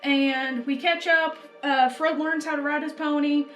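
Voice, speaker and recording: High-voiced rambling woman. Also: fairly even intonation, measured pace, fairly bright tone. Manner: rambling storyteller, lots of "like" and "um". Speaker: player. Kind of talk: in-character tabletop chat. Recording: echoey room, faint background music.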